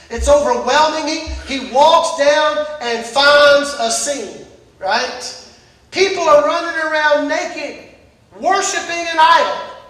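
A preacher with a high, bright voice delivers a Sunday sermon at a church service, repeating phrases and rising into shouts. Picked up from a distance, his voice rings through a very echoey church.

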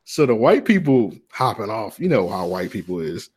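A man co-hosts a podcast in loose, slangy banter, spinning stories and laughing along. His voice is husky and slightly rough. His pitch swings widely as he gets into a tale. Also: big pitch swings, normal speed, a little mellow. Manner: storytelling, laughs often, loose slangy talk. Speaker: podcast co-host. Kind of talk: casual banter.

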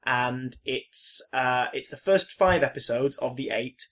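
A man's voice: medium pitch, a little slow, fairly bright tone. A young man co-hosting a casual podcast, rambling and joking about games and films. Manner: rambling, jokey, self-deprecating. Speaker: podcast co-host.

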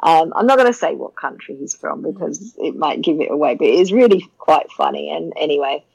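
A woman tells a funny story as a chatty guest, repeating herself as she goes. Her voice has a husky edge and rises and falls a great deal. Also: low voice, animated, a little fast, darkish tone, lo-fi sound. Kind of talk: telling a funny anecdote.

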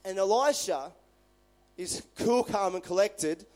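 Brief: male pastor, fairly high voice, conversational animated sermon delivery. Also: slow. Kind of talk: sermon with scripture reading.

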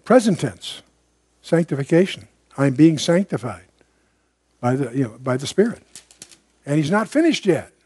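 A man's voice: a little high, very animated, normal speed, pauses often, a little mellow, husky, no echo. An older man teaching the Bible verse by verse to a room, conversational and digressive, with emphatic asides. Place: room with a live audience.

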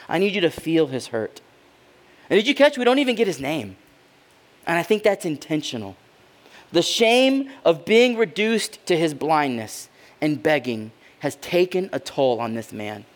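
Animated high-voiced male preacher. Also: moderate pace. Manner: dramatic, swings from hushed to loud voicing of characters. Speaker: pastor. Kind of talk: sermon.

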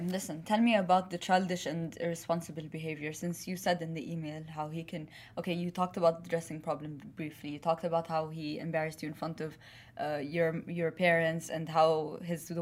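Woman, very low pitch, counselor, probing questions, casual interview. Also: fairly even intonation, fairly quick.

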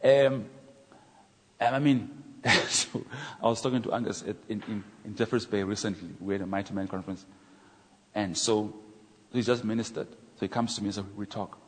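A man preaching a sermon as a minister, animated, building up to emphatic points. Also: lowish voice, normal speed, breathy edge. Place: church hall. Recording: long hall reverb.

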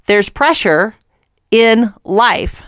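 Woman co-host on a faith talk show, fairly high voice with lots of swing, chatty and expressive, dry mic. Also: very slow, no echo.

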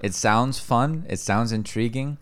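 A man co-hosting a casual comedy podcast, talking in a wry, deadpan way. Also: mid-range voice, measured pace, clear, resonant tone. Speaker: podcast co-host.

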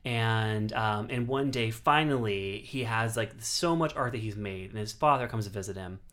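A man's voice: fairly low pitch, moderate pace, fairly bright tone. A man talking as a guest critic, reviewing a film in enthusiastic, rambling casual chat with many restarts.

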